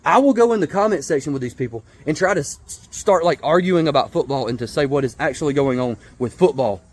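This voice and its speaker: Young man, late twenties, rant vlogger, a touch high-pitched, excitable, trips over his words. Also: fast talker. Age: 20s. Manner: heated, repetitive, stammering restarts, mocking put-on voices. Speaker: vlogger, Georgia football fan. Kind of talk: casual rant to camera.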